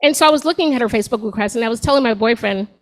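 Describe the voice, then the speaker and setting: A woman's voice: fairly high pitch, very fast, low-quality recording. A woman in her forties doing a stand-up set on a comedy club stage, talking to the crowd in a sassy, conversational way. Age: 40s.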